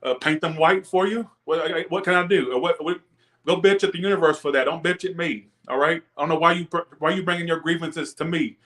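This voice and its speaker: A young man reads tarot on a live stream, talking straight to his viewers. He rants in a loose, profane way and laughs along with the chat. His voice sits a little higher than most men's. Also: fairly quick. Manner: ranting, profane, animated; chats with viewers, laughs often. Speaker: tarot reader.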